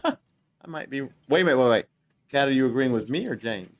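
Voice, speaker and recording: A man's voice: medium pitch, lively intonation, fast talker. A man hosting a casual podcast, teasing his guest and reading out chat comments. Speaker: podcast host.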